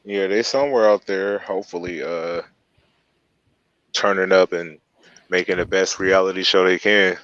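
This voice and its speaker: A man's voice: deep voice, fairly even intonation, normal speed, pauses often, fairly bright tone, dry recording. A man talking in a casual group chat in a laid-back, easygoing way. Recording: dull lo-fi call audio.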